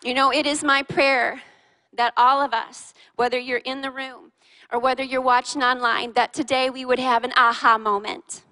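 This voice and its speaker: A woman preaching a sermon to a congregation in a church hall. She speaks in an animated way, firing questions at her listeners and teasing them. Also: high-pitched, moderate pace, a faint crowd. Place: large church hall with a live and online congregation. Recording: long reverb of a large hall.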